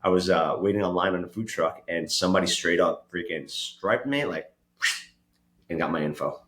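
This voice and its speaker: Animated bright-voiced man in an echoey room. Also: low-pitched, moderate pace. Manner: animated storyteller, swears, laughs often. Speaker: podcast host. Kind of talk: casual podcast chat.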